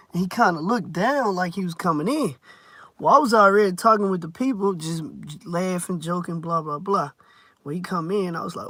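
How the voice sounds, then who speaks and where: A man telling a story in a loose, rambling vlog style, often repeating words and clearing his throat. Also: a little high, fairly bright tone, no echo.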